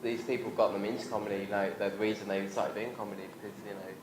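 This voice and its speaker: A man's voice: lowish voice, level tone, fast. A man from England chatting casually as a convention panel guest, rambling and laughing as he acts out family voices. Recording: echoey hall, noisy crowd room.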